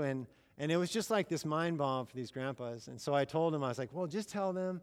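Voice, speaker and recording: Conversational preacher in a reverberant hall. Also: male voice, a little high, fairly quick, hardly any pauses, smooth. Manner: conversational, chatty, with fillers and quoted dialogue. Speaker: missionary speaker. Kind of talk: sermon storytelling. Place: church.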